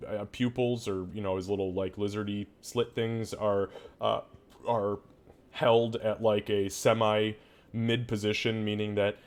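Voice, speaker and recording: A man narrating a tabletop game as game master, describing scenes with frequent fillers and hesitations. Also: on the low side.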